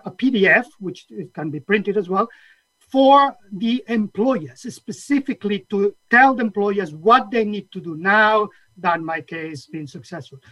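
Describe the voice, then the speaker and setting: Earnest man with a high voice. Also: a bit bright, dry recording, low-quality recording. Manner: earnest, repeats words as he restarts. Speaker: interview guest, vegan campaigner. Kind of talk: conversational interview.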